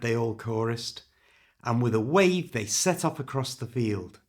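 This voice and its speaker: A British man narrates a story for listeners learning English, reading clearly and with feeling. His pitch sits in the middle but moves around a great deal as he reads. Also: expressive, a little slow.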